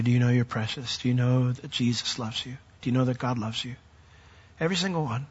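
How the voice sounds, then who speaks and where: A man's voice: mid-range voice, breathy edge. A middle-aged man preaching a sermon as pastor, conversational with dry, wry humor. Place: large church sanctuary. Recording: dull lo-fi sound with long hall reverb.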